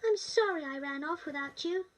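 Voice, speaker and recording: A woman's voice: high voice, normal speed, recorded from a distance, natural voice. A woman voicing a lonely little city girl with a British accent, eager and pleading.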